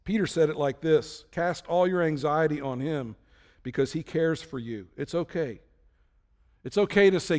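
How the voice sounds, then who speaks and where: A man's voice: a little high, normal speed, in a large hall. A man preaching a sermon in a conversational way, acting out prayers and imagined talks with God. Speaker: pastor.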